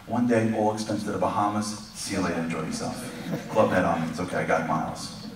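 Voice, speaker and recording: A man voicing God as an easygoing, fatherly being, low and relaxed, heard in an echoey hall from a distance. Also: fast, background noise, natural voice. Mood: breezy.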